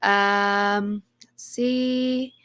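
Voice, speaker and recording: A woman co-hosting a live stream, talking at an unhurried pace. Her voice is a little raspy and hoarse, still on the mend. She reads out viewer greetings in an easygoing, friendly chat. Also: medium pitch, fairly even intonation, fairly bright tone. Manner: reads chat names aloud with repeated greetings and laughs. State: hoarse, voice just recovering. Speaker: podcast co-host.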